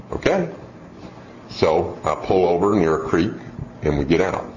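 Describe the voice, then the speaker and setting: Deep-voiced man telling a rambling family story. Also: darkish tone. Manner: folksy, rambling, chuckles as he tells it. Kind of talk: casual storytelling. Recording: dull lo-fi recording with faint background hiss.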